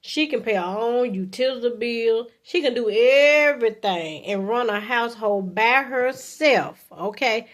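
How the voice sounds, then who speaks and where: A woman in her fifties shares relationship pointers in a casual, homespun way, tagging okay onto her points. Her voice sits a little high and moves a lot, jumping up when she plays out what a man should say. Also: expressive, measured pace, few pauses. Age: 50s. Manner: chatty and folksy, often adding okay, acts out sweet lines to a partner in a high voice. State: coughing from allergies. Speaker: vlogger giving relationship advice. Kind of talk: casual advice talk to camera.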